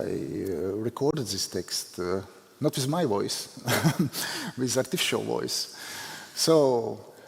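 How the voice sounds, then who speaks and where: A Latvian man with a Latvian accent, speaking in halting, self-deprecating English with many fillers as a photographer giving a conference talk. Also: medium pitch, creaky. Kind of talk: unscripted conference presentation. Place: large hall. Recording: long hall reverb.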